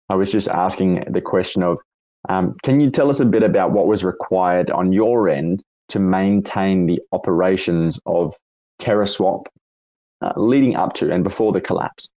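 A raspy-voiced Australian man hosts a casual online chat, his pitch sitting very low. He rambles through his questions and corrects himself as he goes. The sound is dull and lo-fi, close and dry. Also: a little slow, mellow, no echo. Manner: rambling, self-correcting questions with frequent fillers. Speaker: host. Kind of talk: casual audio chat interview. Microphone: online audio chat room.

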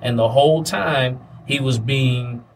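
A male interview host speaks in a thoughtful, affirming way as he frames the guest's story. His voice sits at a middle pitch. He is a little distant from the mic, with faint noise behind him. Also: measured pace. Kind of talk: interview questions.

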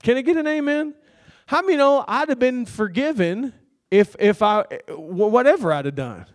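A man's voice: very high-pitched, expressive, moderate pace. A man preaching a sermon, telling a story in a loose, conversational way and calling out to the congregation for an amen. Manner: conversational storytelling with laughs and crowd call-outs. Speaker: pastor.

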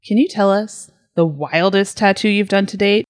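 A woman's voice: medium pitch, moderate pace, no echo, clean studio sound. A woman hosting a casual podcast, asking questions in a playful, jokey way. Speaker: podcast host.

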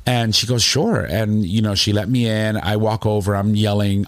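Low, dry-voiced man telling a story. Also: normal speed, no echo. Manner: animated, rambling, emotional storyteller. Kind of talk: casual storytelling chat.

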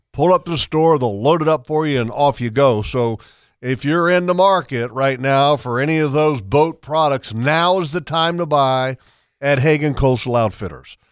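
A man hosting a talk radio show, chatty and upbeat as he reads a sales pitch. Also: dry recording, studio quality. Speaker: radio host.

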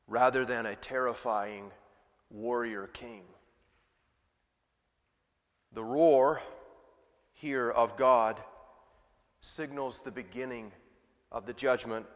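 A man preaching a sermon, moving between plain conversational remarks and rhetorical questions to his listeners. His voice sits at a middle pitch, and a long church reverb follows each phrase. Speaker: pastor. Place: church sanctuary.

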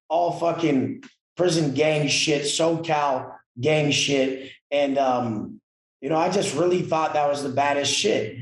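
A man's voice: on the high side, roomy sound, rough recording. A man telling his story as a podcast guest, emphatic, blunt and full of profanity. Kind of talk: casual interview storytelling.

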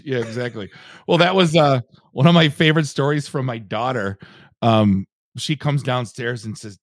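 A man's voice: medium pitch, normal speed, no echo, studio quality. A middle-aged man hosting a podcast, rambling and joking with plenty of fillers. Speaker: podcast host. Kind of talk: casual podcast chat.

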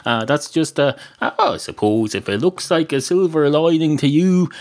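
A man's voice: on the high side, lively intonation, normal speed, darkish tone. An Irish man hosting a solo podcast, rambling through digressions with dry, self-mocking humor. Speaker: podcast host.

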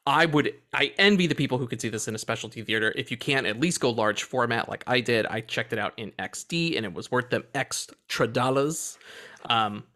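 A man's voice: medium pitch, fairly quick. A man co-hosting a casual movie podcast, joking and swearing freely. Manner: animated, profane, joking. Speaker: podcast co-host. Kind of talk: casual chat.

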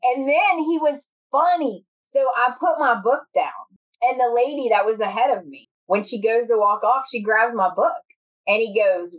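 A podcast host with a fairly high voice tells stories at a moderate pace in casual conversation. She's an animated storyteller who laughs often and acts out quotes, and the recording has a dull, lo-fi sound.

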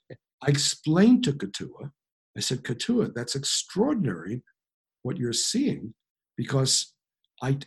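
A man's voice: mid-range voice, a little mellow, husky. A man telling a personal story in a reflective, self-deprecating way. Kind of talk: personal anecdote.

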